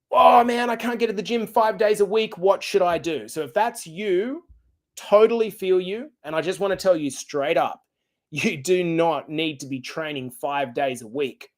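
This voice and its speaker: A middle-aged man hosting a fitness podcast, coaching listeners in an energetic, direct and casual way. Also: on the high side. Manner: energetic, direct, casual and blunt with occasional swearing. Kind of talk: podcast monologue.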